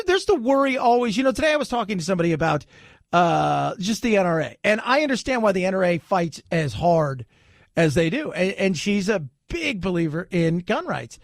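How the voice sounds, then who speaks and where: A man's voice: sits high, vocal fry, no room sound, clean studio sound. A man hosting a talk radio show, joking and sarcastic in a rambling commentary.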